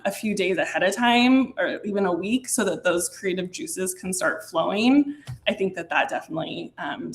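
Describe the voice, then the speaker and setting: A woman moderating a webinar panel from the hotel side, conversational and asking open questions over a video call. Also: mid-range voice.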